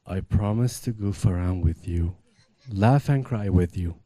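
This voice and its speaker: A man, the groom, reading his wedding vows in an earnest, measured way. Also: sits low, dark tone, no room sound. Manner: earnest, measured vow delivery.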